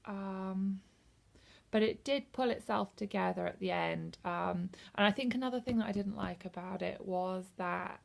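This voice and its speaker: A woman's voice: lowish voice, creaky. A woman in her thirties from the UK, casually reviewing a book on camera in a rambling, hesitant way with lots of ums. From United Kingdom. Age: 30s. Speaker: book vlogger.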